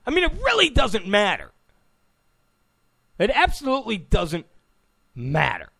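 A man's voice: high voice, wildly swooping pitch, unhurried, creaky, pushed and bright. A man hosting a political talk show, giving an opinionated monologue, emphatic, repeating phrases and stammering on restarts.

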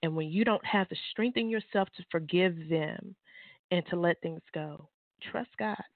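A woman, an author and guest, giving fervent, preachy testimony on a call-in show, leaping into high exclamations. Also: moderate pace, no room sound. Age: adult mother. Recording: tinny phone line.

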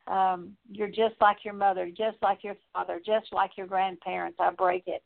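A woman's voice: mid-range voice, flat delivery, normal speed, vocal fry, hardly any pauses. A woman leading an earnest, repetitive spoken prayer of confession, with occasional fillers. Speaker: prayer leader. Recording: tinny phone-like audio.

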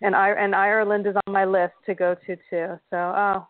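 A woman calling in to a show, chatting in a warm, hesitant way with many fillers. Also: medium pitch, little pitch movement, fairly quick, dry recording. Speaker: caller. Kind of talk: casual phone chat. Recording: dry tinny phone line.

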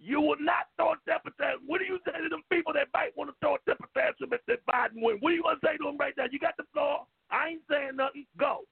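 A male talk radio host taking calls, loud and animated, cutting in and repeating himself. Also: extremely high pitch, fast, creaky, hardly any pauses. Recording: phone-line radio sound.

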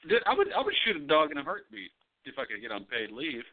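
A man co-hosting a podcast, telling stories in a loose, profane, animated way. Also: fairly high pitch, quick pace. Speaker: podcast co-host. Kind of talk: casual chat. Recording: tinny phone-like audio.

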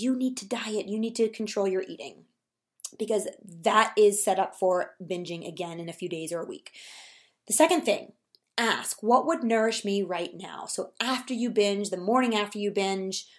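Encouraging woman podcast host, unscripted. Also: medium pitch. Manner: warm, encouraging, repeats herself while searching for words. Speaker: podcast host and food coach. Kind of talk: solo podcast talk.

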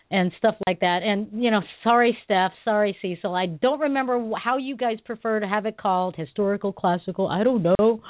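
A woman's voice: medium pitch, no room sound. A woman martial arts instructor chats on a talk radio show, telling stories with lots of laughs and filler words. Her voice sits in an ordinary middle register. It comes through a dry, tinny phone line. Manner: animated storytelling, laughs often, many fillers. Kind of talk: casual radio chat.

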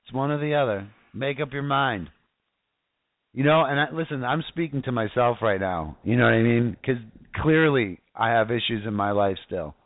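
A man's voice: medium pitch, animated, moderate pace, dry recording. Guy preaching and reading psalms, gets all fired up talking to the listeners, sounds like a phone line, dry. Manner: fervent, exclamatory, addresses listeners directly. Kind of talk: casual preaching with scripture reading.

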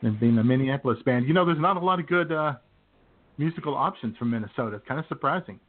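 A man's voice: mid-range voice, lively intonation, fast. A man co-hosting a comedy show in easygoing, chuckling banter, on a tinny phone-like recording with faint noise. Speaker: radio comedy co-host.

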